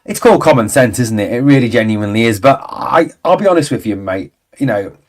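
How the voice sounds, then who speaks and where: A man's voice: mid-range voice, lively intonation, brisk. A man in his forties hosting a fan livestream, chatting casually and rambling through viewer comments with exasperated asides. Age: 40s. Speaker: fan channel host.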